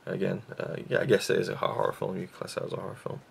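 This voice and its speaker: A young man, a YouTube reviewer, chats casually in a vlog about his favorite films, talking very fast in a low-pitched voice with vocal fry and little pitch movement. He rambles and is self-deprecating, with frequent fillers and restarts, and there's slight background noise.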